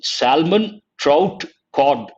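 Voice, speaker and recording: A man's voice: on the high side, lively intonation, drawn-out words, darkish tone, dull audio. A man, teaching an exam-prep lecture online, quizzing students and spelling words letter by letter. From India. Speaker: English teacher.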